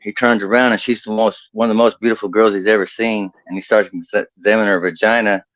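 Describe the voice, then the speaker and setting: A man's voice: on the low side, little pitch movement, fast talker, fairly bright tone, no echo, highs cut off. A man doing a crude stand-up comedy set over a video call, laughing at his own jokes.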